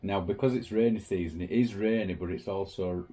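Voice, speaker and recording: A man's voice: low voice, fairly quick, warm tone. A man with a Northern English accent, co-hosting a casual podcast chat at home, blunt, sweary and teasing. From northern England. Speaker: podcast co-host. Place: room at home in Japan.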